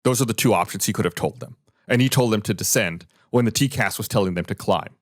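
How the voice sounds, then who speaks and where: A man's voice: fairly low pitch, quick pace, dry recording, studio quality. A man hosting a podcast, explaining events and reading findings in a loose, conversational way. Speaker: podcast host. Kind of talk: casual podcast discussion.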